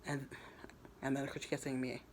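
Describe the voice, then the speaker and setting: A man's voice: medium pitch, completely flat delivery, normal speed, slight background noise. Rambling, foul-mouthed male storyteller. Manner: rambling, crude, with repeated stumbling restarts. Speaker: storyteller retelling his own fan fiction. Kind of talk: casual retelling of a story.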